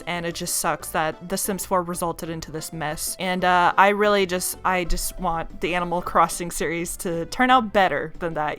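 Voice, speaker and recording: A woman's voice: lowish voice, a bit bright. A young woman chatting playfully through a gameplay voice-over, talking to the game's characters as she plays. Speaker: gaming YouTuber. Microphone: home voice-over mic.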